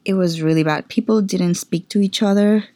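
A woman's voice: mid-range voice, fairly quick, no echo. A woman co-hosting a podcast, telling stories in a casual chat and acting out quoted lines. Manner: animated storytelling, acts out quotes. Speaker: podcast co-host.

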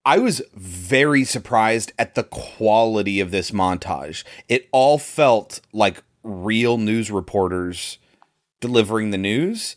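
Man, lowish voice, relaxed podcast co-host, film chat. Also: slow. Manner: relaxed, chatty, gives opinions. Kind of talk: casual chat about a film.

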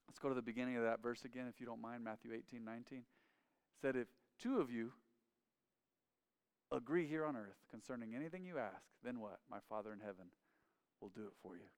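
Smooth-voiced man preaching in a reverberant hall. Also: mid-range voice, fairly quick. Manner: repetitive, emphatic preaching. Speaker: pastor. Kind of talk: sermon.

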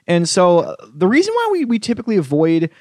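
A man's voice: high voice, wildly swooping pitch, quick pace, a little mellow, dry recording, clean studio sound. A man hosting a podcast in loose, profane casual chat. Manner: loose and profane, many fillers. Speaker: podcast host.

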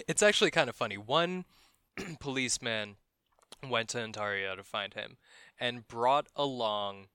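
Bright, crisp-voiced male podcast storyteller. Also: medium pitch, expressive, unhurried, dry recording. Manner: profane, wry, laughs at grim details. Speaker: podcast host telling a true-crime story. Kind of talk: casual storytelling chat.

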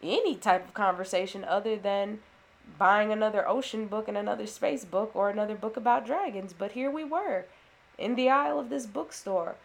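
Woman, mother and ex-teacher, earnest, reflective storyteller, gravelly vocal fry, mid pitch. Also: normal speed. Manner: earnest, reflective, with restarts and fillers. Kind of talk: personal storytelling.

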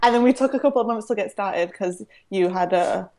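A woman's voice: mid-range voice, brisk, crowd noise. A young woman with a Manchester accent, a guest chatting casually on a podcast, laughing often and using many fillers. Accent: Northern English, Manchester. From England. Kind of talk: casual interview chat.

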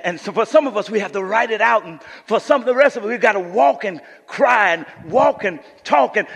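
A man's voice: extremely high pitch, bright, forceful tone, breathy edge, big-room sound. A man preaching a sermon as pastor, emphatic, often repeating words as he restarts his sentences. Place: church sanctuary.

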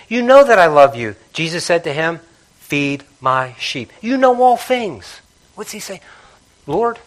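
Male pastor, sermon in church, slightly high, bright voice, surges loud then drops to hushed asides. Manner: impassioned preaching, swinging between loud emphasis and hushed intimacy.

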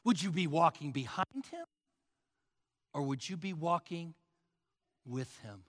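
A man preaching a sermon as pastor, swinging from loud calls down to hushed near-whispers. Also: sits high, vocal fry. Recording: long hall reverb.

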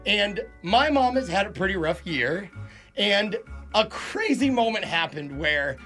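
A man's voice: high voice, sing-song, measured pace, a bit bright, soft background music. A man co-hosting a radio show, telling a personal story in an earnest, heartfelt way. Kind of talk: casual chat, personal story.

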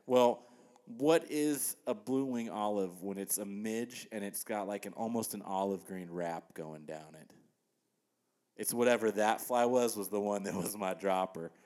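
A man casually telling an animated story in a chat, with laughs and quoted asides. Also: fairly low pitch, unhurried.

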